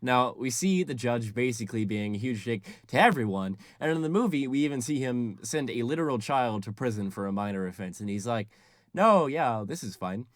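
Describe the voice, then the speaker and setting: A man's voice: medium pitch, animated, brisk, few pauses, dry recording, studio quality. Young man with sarcastic casual humor. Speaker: video essay host. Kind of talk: comic plot recap and analysis.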